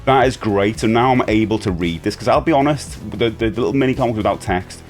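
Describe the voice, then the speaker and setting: A man in his forties talks through an unboxing in a relaxed, rambling way, restarting his sentences as excitement takes over. His voice sits very low. Faint music plays quietly behind him. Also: fast. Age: 40s. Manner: chatty, enthusiastic, rambling with restarts. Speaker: toy collector vlogger. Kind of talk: casual unboxing chat.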